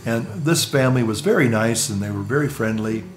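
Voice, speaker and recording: A man's voice: mid-range voice, brisk, soft background music. A male priest telling a personal story in a casual, rambling way, repeating words and chuckling between phrases.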